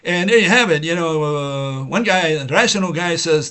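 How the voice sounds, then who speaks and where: A man's voice: on the high side, animated, brisk, hardly any pauses, a bit bright. A man hosting a livestream, lecturing in a rambling, argumentative way, full of "you know" and "uh," and mocking his opponents by quoting them. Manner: argumentative, repetitive, with frequent "you know" and "uh" fillers; mocking, mimics opponents in quoted voices. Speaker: host of a science-skeptic livestream.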